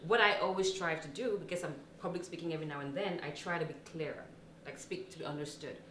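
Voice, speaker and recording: A woman guest author on a talk show, joking and chatting in an animated way. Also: deep voice, quick pace. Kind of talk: casual interview chat. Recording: echoey room with faint noise.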